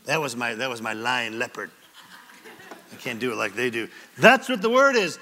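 A man preaching a sermon as pastor, with an animated, dramatic delivery and many questions put to the congregation. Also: medium pitch, normal speed, long reverb tail. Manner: asks the congregation rhetorical questions.

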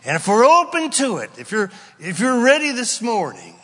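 Animated preacher in a reverberant hall. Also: male voice, extremely high pitch, moderate pace, few pauses. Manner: animated, acts out voices and asides, playful. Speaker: pastor. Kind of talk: sermon.

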